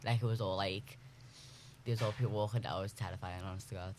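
A man's voice: low voice, steady tone, fast, noisy background. A young man, chatting casually in a group and talking emphatically with lots of fillers. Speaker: group discussion member. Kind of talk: casual chat.

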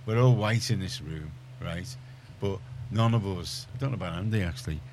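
A man's voice: low voice, normal speed, a little mellow, slight background noise. A middle-aged man, chatting on a radio panel in a rambling, storytelling way full of restarts. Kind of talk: casual radio discussion.

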